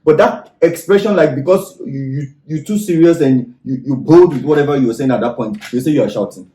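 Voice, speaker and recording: A man's voice: mid-range voice, fairly quick, warm tone. A man arguing his point insistently in a casual podcast chat, with many restarts. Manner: insistent, argues with repeated restarts. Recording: echoey room.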